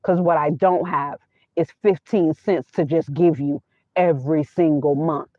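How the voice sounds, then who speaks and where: A woman's voice: low-pitched, steady tone, unhurried, dry recording. Blunt woman on a tinny phone-like line. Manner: blunt and emphatic, repeats points. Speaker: vlogger. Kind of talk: casual chat about money. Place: inside her minivan. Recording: tinny phone-like dry sound.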